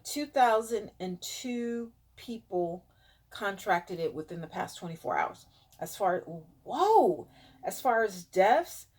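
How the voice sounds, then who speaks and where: A woman vlogging, reading out statistics in a dismayed way. Her nose is stuffed up, and she sometimes drops to a whisper to react. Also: medium pitch. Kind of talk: casual vlog reading statistics aloud.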